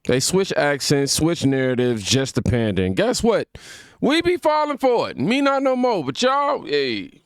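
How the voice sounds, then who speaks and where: Guy doing political reaction vids, slangy and mocking, pitch jumping all over, dry close sound. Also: dry recording. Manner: animated, slangy, mocking asides to viewers. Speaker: reaction channel host. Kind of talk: casual political reaction commentary.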